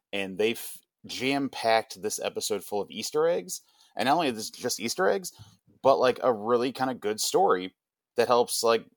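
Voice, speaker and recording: A young man on a podcast, excitedly recapping an episode in a rambling, casual way full of "like". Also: fairly low pitch, no echo. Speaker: podcast co-host. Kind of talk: casual pop-culture chat.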